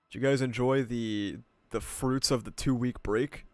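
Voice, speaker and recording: A young man in his twenties talks with his livestream viewers in a relaxed, easygoing voice of middling pitch. His nose is stuffy. He laughs often and swears now and then, with faint soundtrack music under him. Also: measured pace, hardly any pauses, clear, resonant tone, no echo. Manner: laid-back, laughing, swearing, greets chatters by name. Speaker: streamer. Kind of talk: casual livestream chat with viewers. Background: video game soundtrack music.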